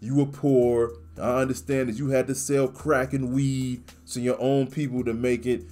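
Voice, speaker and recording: A man's voice: mid-range voice, little pitch movement, normal speed, dark tone, close to an everyday voice. A man mimicking a lenient, soothing Lord. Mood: soothing mockery. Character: gentle forgiving male Lord, lenient and soothing.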